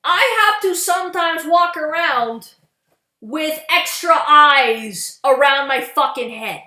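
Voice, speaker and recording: High, sharp-voiced woman ranting. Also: echoey room. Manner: exasperated, swearing, restarts often. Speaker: vlogger. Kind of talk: profane ranting commentary.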